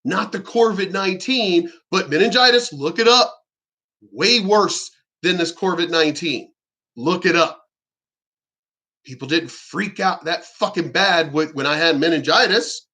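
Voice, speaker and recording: A man holds forth in an indignant vlog rant, his voice pitched high and ringing with a sharp, bright edge. He hammers his points, swears freely, and keeps circling back and restarting his sentences. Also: a little slow. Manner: emphatic, indignant, frequently swearing; repeats himself and restarts sentences. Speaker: vlogger. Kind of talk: ranting monologue to camera.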